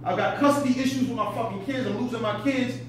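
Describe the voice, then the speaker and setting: A man's voice: very high voice, fast. A man telling a story in a stand-up comedy set, laughing at his own tale and swearing freely. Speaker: stand-up comic. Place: comedy club stage. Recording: echoey room, distant mic, background noise.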